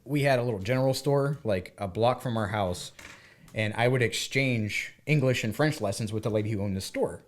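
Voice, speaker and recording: A man's voice: mid-range voice, moderate pace. A man from the United States, co-hosting a podcast and telling a story in casual chat, acting out the dialogue. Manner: animated, acts out dialogue. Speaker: podcast co-host.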